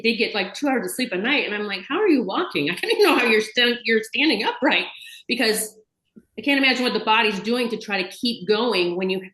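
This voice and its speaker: A woman's voice: mid-range voice, a bit bright, echoey room, poor audio. A woman hosting a casual video chat interview, chatty and enthusiastic, talking in long run-on bursts over a video call. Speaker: host.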